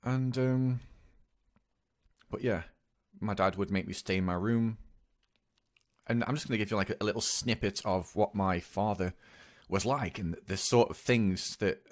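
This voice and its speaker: With a fairly low pitch, a young man shares a confessional monologue for his vlog. The delivery is hesitant, broken up by frequent pauses and restarts.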